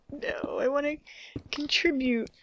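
A woman's voice: high voice, takes it slowly, lo-fi sound, a little hiss or hum. A woman chatting casually while playing a video game, giggling often. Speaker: game streamer. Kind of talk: casual gaming chat.

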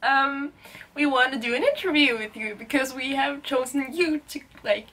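A young woman from Norway vlogging excitedly, laughing often and quoting herself. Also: high voice, normal speed. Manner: giggly, laughs often, quotes herself in bursts. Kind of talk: excited personal vlog.

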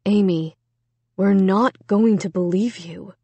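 A woman's voice: medium pitch, moderate pace, darkish tone, dry recording, close to an everyday voice. A woman reading a storybook aloud, voicing an angry, stern father who scolds his daughter in a firm, controlled way. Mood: stern calm.

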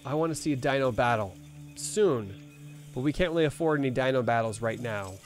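A man's voice: medium pitch, animated, fairly quick, faint music behind. A young man streaming a video game live, chatting with viewers and reading game text aloud as he plays. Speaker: gaming streamer. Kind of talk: live let's play commentary.

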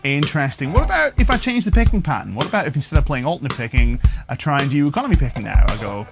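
A man's voice: fairly high pitch, sing-song, very fast, creaky. A man giving a chatty, enthusiastic livestream guitar lesson, thinking aloud with fillers. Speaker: guitar teacher. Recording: guitar playing in background.

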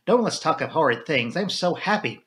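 A man's voice: on the high side, lively intonation, normal speed, fairly bright tone. A man voicing an impulsive, spirited young woman who speaks in eager bursts.

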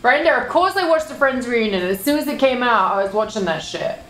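A woman's voice: a little high, lively intonation, a little fast, fairly bright tone, roomy sound. A young woman streaming live, reading her chat aloud with swearing and lots of laughter. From United Kingdom.

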